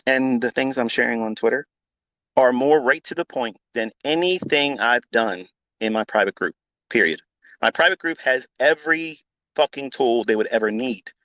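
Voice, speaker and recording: A man who mentors traders, talking live to an online audience. He is blunt and combative, swears freely and hammers his points through repetition. His middle-pitched voice sits close and dry on the mic. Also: a bit bright, no echo. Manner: blunt, profane, combative, repeats himself for emphasis. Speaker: trading mentor. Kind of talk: live audio-room monologue.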